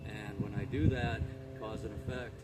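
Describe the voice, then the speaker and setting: Male dog trainer, outdoors, clipped repeated commands, distant mic, heavy outdoor noise. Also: normal speed. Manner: gives repeated short firm commands; high excited praise to the dog. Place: outdoors in a rural yard.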